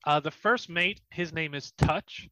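A man running a tabletop game as dungeon master, describing scenes with pauses and fillers. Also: a little high, sharp tone, no room sound. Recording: slightly muffled dry recording.

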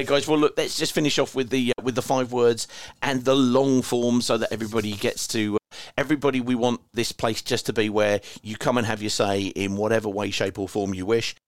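A man's voice: mid-range voice, steady tone, fairly quick, no room sound, clean studio sound. Chatty man hosting a fan call-in. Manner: chatty, rambling, wry asides. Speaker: fan podcast host. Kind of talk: casual chat, reading listener messages. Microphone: online audio call.

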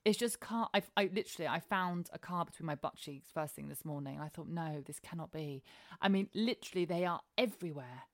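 Woman co-host, frank and jokey, slightly low voice, dry close sound, faint music. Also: brisk, no echo. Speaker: podcast co-host. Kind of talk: casual chat.

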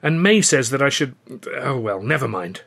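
A man's voice: mid-range voice, lively intonation, normal speed, vocal fry, fairly bright tone, breathy edge, voice pushed up, heavily acted. A man reading an audiobook, voicing an earnest, giggly and easily hurt male comedian with a lilting, slightly plaintive manner. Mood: wistful.

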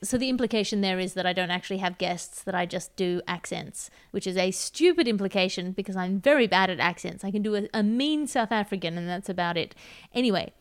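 A woman from Australia hosting a satirical news podcast in a deadpan, mock-exasperated way. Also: medium pitch, brisk, smooth. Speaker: comedy podcast host.

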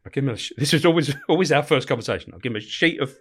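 A man's voice: mid-range voice, expressive, very fast, fairly bright tone, slightly rough. A middle-aged man, a guest in a podcast interview, telling stories bluntly and swearing freely. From England. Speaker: podcast guest, former prison officer. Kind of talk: casual storytelling interview.

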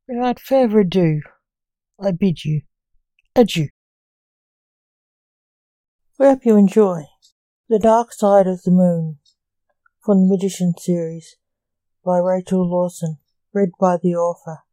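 A woman author reading her own gothic story aloud in a calm, measured way, close to a dry mic. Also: fairly low pitch, dry recording, poor audio. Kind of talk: audiobook story narration.

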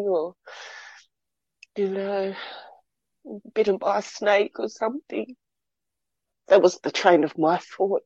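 A middle-aged woman telling a personal story in an interview, halting and repeating words as she goes. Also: mid-range voice, dark tone, slightly rough, no echo, muffled recording. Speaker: interview guest.

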